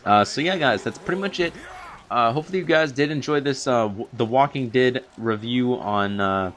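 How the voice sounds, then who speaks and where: A young man reviews a TV episode in a long, unplanned ramble, constantly restarting and using fillers, a little out of breath from the extended talk. His mid-range voice is fairly bright at a normal speed, with a bit of hiss or hum in the audio.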